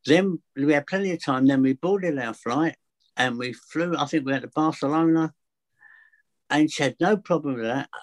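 A man's voice: a little high, normal speed. A man, a fear of flying coach, telling chatty anecdotes in an interview and acting out both sides of the dialogue. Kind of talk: casual storytelling interview.

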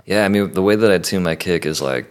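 A man's voice: sits low, quick pace, smooth. An American man, a drummer guest, talking in casual, laughing chat and swearing freely. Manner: laid-back, laughing, swearing.

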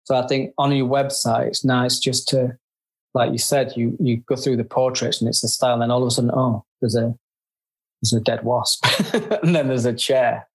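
Talking as a guest in a casual interview, a man who works as a photographer has a medium-pitched voice with fairly even intonation. He's chatty, halting, self-described grumpy, and keeps restarting.

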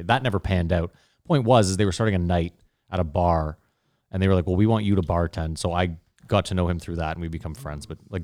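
A man's voice: low-pitched, no echo, studio quality. A young man hosting a podcast, casually telling stories with lots of swearing. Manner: swears freely, animated storyteller. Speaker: podcast host. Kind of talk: casual chat.

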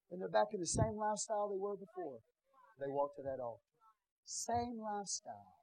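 High-voiced pastor preaching with shouted peaks. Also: male voice, expressive, fairly quick, no room sound, rough recording. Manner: swings from low, hushed asides to loud shouted preaching. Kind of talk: sermon. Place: church.

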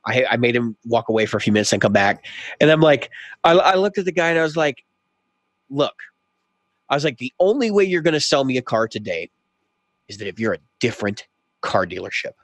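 A man's voice: medium pitch, expressive, brisk, long pauses, dry recording. A man co-hosting a podcast who tells a long story in casual chat and acts out both sides of a heated exchange. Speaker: podcast co-host.

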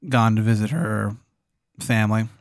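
A man co-hosting a comedy podcast, setting up an improvised story in a deadpan way. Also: on the low side, normal speed, no echo, studio quality. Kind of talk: improvised second-person storytelling.

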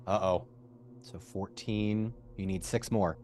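A man running a tabletop game as game master, relaxed and encouraging, narrating scenes and calling for rolls. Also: fairly low pitch, takes it slowly.

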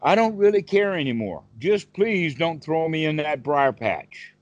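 A man's voice: on the high side, a little slow, no room sound. A man doing a huffy, drawling storybook rabbit. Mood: pleading. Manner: drawling, excitable. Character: huffy, pleading male cartoon rabbit. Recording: dull video call audio.

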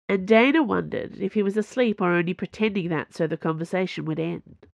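A woman narrating an audiobook in an even storytelling manner. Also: fairly low pitch, brisk, creaky, dry recording. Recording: dull lo-fi dry recording.

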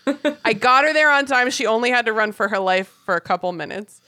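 Podcast co-host, female, teasing and giggly, bright tone. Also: a little high, expressive, fast. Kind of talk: casual chat.

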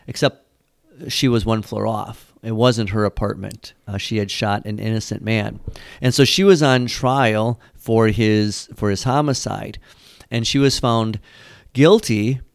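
Low gravelly pastor, smooth and dry. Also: male voice, unhurried, no echo. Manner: rambling, storytelling with frequent fillers. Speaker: pastor and catechism teacher. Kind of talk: conversational church podcast discussion.

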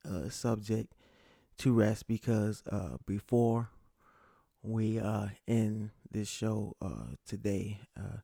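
A man's voice: on the low side, takes it slowly, creaky, dark tone, no echo, clean studio sound. A man from Connecticut hosting a casual solo sports talk show, rambling and stammering as he goes, gloating between laughs. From Connecticut, USA. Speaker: podcast host.

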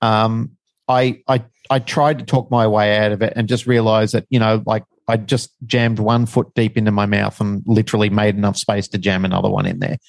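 A man's voice: lowish voice, little pitch movement, normal speed, vocal fry, dry recording. A middle-aged man, telling a personal story as a guest in a frank, rambling, self-deprecating way.

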